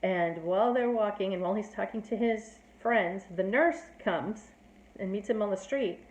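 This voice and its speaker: Female teacher, mid-pitched, chatty plot recap full of fillers, echoey room. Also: normal speed, darkish tone. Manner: chatty, filler-heavy with "like" and "you know". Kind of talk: casual plot summary. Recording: roomy echo.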